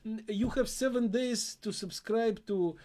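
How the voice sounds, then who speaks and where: A man's voice: high voice, a little slow, darkish tone. A man with a Russian accent hosting a casual live-stream interview, joking and rambling with lots of fillers. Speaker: show host.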